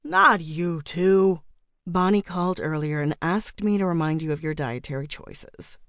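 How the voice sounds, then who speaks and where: A woman playing a practical book club leader, brisk, gently firm, low-pitched, dry sound, audiobook character. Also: smooth, no echo, natural voice.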